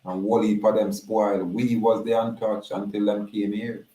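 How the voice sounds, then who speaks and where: A man with a Jamaican accent giving casual spoken commentary in a steady, low-key way, often asking listeners if they hear what he is saying. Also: moderate pace, roomy sound, poor audio.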